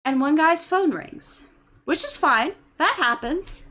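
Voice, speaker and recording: A young woman streamer chatting casually with viewers, telling stories with lots of fillers and getting loud and exasperated when she rants. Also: high voice, lively intonation, slow. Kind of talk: casual chat.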